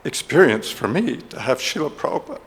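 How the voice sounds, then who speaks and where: Halting man in a reverberant hall. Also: on the high side, sing-song. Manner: halting, with many fillers and restarts. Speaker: devotee giving a festival offering. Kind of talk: heartfelt personal speech to a congregation.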